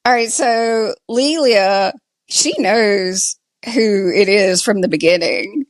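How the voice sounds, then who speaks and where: A woman with a Southern US accent talks slowly and loosely, stringing her thoughts together with "like" as she recaps a show. The recording is dry and close, with no room sound. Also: medium pitch, no room sound. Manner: slow, chatty, lots of "like" fillers. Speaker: podcast co-host. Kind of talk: casual TV recap chat.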